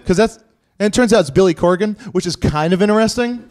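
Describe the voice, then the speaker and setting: A man telling a long comic story on stage, rambling and swearing, full of fillers, and breaking into loud, high quoted voices. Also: fast. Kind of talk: live stand-up storytelling. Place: live stage before an audience.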